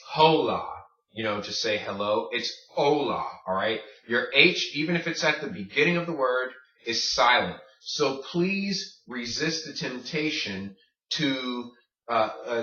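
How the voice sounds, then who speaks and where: Guy teaching spanish sounds, bright voice, far off mic in a roomy echoey space, keeps saying okay. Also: medium pitch. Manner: drills words slowly, asks "okay?" often. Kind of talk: video lesson. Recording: distant, dull, echoey room mic.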